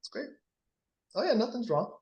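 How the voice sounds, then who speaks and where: A man's voice: very high voice, big pitch swings, moderate pace, a little mellow, voice pushed up, exaggerated voice. A man voicing a woman client who insists all is fine and then breaks down. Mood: breezy. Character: upbeat woman client, later tearful.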